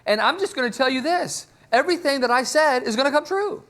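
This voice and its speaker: A man's voice: mid-range voice, huge pitch swings, takes it slowly, husky, full character voice. A man voicing an irritated old prophet, scolding and impatient. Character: exasperated old male prophet raised from the dead.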